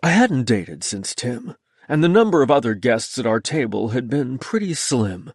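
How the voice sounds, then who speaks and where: Male audiobook narrator, first-person storytelling, lively pitch, dry booth sound. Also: moderate pace, slightly rough, dry recording.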